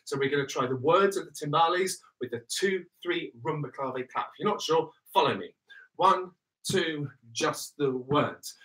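A man's voice: a little high, normal speed, a bit bright. A man teaching an online body percussion workshop, chanting rhythm words and counting in with upbeat, encouraging energy. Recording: distant mic with clear background noise.

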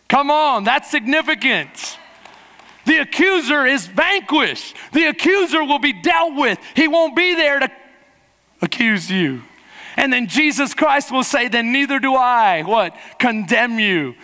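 A man preaching a sermon as pastor, fervent, rushing through some lines and slowing hard on others. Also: very high voice, lively intonation, pushed and bright. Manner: fervent preaching, swinging from quick bursts to slow emphasis. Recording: long hall reverb.

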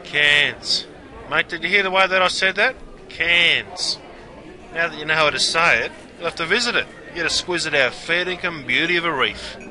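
A man with an Australian accent voices a brash, chummy pub barman, trading slangy, matey banter in scripted character narration. His voice is fairly high, bright, and forceful, at a moderate pace.

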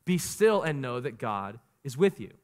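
A man in his thirties preaching a sermon as pastor, animated, slowing down for emphatic lines and rushing through quick asides. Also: medium pitch. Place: church sanctuary. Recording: long reverb of a large church hall.

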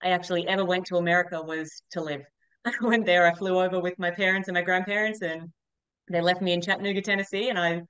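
A young Australian woman with an Australian accent, a golf coach talking as a guest, relaxed and modest. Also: fairly low pitch, fast, clear, resonant tone, dull audio. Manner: relaxed, modest, laughs easily. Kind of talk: casual interview chat.

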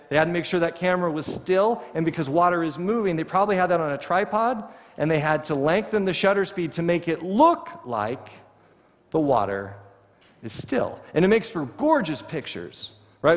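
A pastor preaching in a lively, conversational style and slipping into quoted voices. His voice sits on the high side. A long reverb from the church hangs after each phrase. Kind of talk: sermon. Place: church sanctuary.

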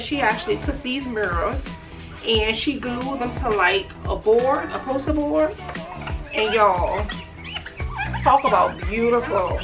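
A woman, chatting excitably to her viewers in a casual vlog and calling them "y'all". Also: a little high, recorded from a distance. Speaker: vlogger. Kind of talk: casual chat. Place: in the car and at home.

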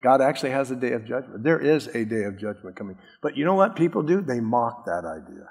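A man's voice: medium pitch, very animated, quick pace, a little mellow, husky, in a large hall. A man preaching a sermon as pastor, earnest and emphatic, often asking the congregation questions. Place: church sanctuary.

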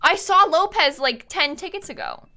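A woman streaming a game live, chatting to her viewers in an excitable way, laughing often and shouting in exasperation. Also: high-pitched, moderate pace, faint music behind. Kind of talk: live-stream chat while gaming.

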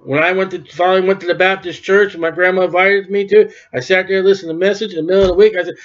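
A man's voice: sits high, little pitch movement, rapid-fire, hardly any pauses, muffled recording. A man preaching an informal sermon in a conversational way, acting out bits of dialogue as he goes. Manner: conversational, acts out dialogue in quoted voices.

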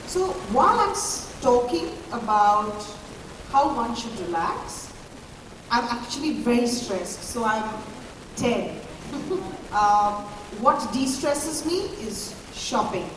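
A woman chatting as a panel guest, rushed and self-mocking. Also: a little high. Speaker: panel guest at a product launch. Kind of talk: casual panel chat. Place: large echoey event hall. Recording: echoey hall, far-off mic, background noise.

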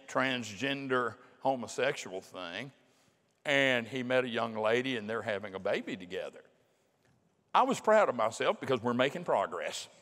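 A middle-aged man preaching a sermon in a folksy, emphatic way, slowing down to drive his points home. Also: medium pitch, a bit bright. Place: large church hall. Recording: long hall reverb.

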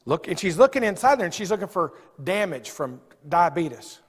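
A middle-aged pastor, preaching a sermon with humorous stories, swinging from loud outbursts to low asides. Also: male voice, very animated, moderate pace, slightly rough. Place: church sanctuary. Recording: long hall reverb.

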